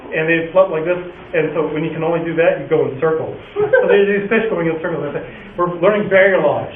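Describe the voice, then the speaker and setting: A man, a music teacher, giving an animated workshop talk, acting out quotes and laughing often. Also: fairly high pitch, fast. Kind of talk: conference talk. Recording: echoey, distant, phone-like, faint noise.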